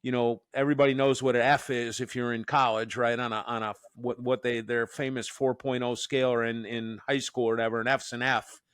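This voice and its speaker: A man's voice: medium pitch, level tone, brisk, few pauses, fairly bright tone, clear, resonant tone, no echo. A man from the Northeastern US hosting a podcast as a professor, joking and rambling with many restarts. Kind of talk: casual podcast chat.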